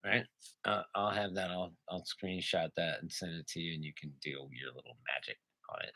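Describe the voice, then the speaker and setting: Low, bright-voiced joking male co-host. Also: fairly even intonation, brisk, gravelly, dry recording. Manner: profane, laughs often, jokey impressions. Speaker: podcast co-host. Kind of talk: crude comedic banter.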